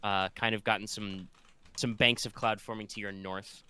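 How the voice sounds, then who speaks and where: A man's voice: lowish voice, little pitch movement, normal speed, bright, forceful tone, clean tone, no room sound. A man running a tabletop game as game master, rambling a little with fillers and restarts as he describes the scene.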